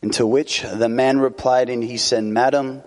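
A man delivers a sermon in a relaxed, conversational manner. His voice sits at an ordinary middle pitch, and he keeps checking in with the congregation through tag questions and brief chuckles. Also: moderate pace. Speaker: preacher.

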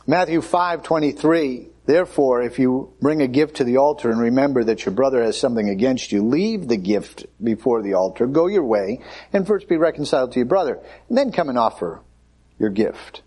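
A man's voice: medium pitch, animated, fairly quick, dark tone, slightly rough. A man preaching a conversational sermon, acting out the voices of Bible figures.

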